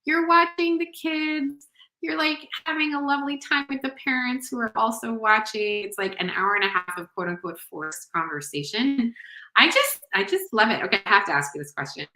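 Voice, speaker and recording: A woman's voice: on the high side, normal speed, pushed and bright, roomy sound, low-quality recording. A woman hosting a podcast in casual chat, talking loosely with lots of "like" and "you know". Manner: chatty, heavy use of "like" and "you know". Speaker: podcast host.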